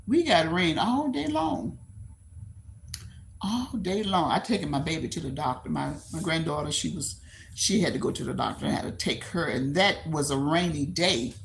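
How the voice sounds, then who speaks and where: Older texan lady rambling on a late night livestream, lowish gravelly voice, bit of hiss behind. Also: lively intonation, moderate pace. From Texas. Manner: rambling, repeats herself, laughs easily; reads and answers viewer comments aloud. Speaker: livestream host. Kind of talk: casual chat with live viewers.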